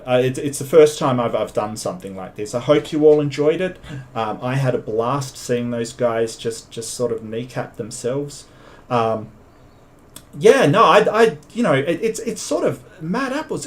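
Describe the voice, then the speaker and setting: A man hosting his own livestream in a rambling, stammering, exasperated way. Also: mid-range voice. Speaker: livestream host. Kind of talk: casual livestream commentary.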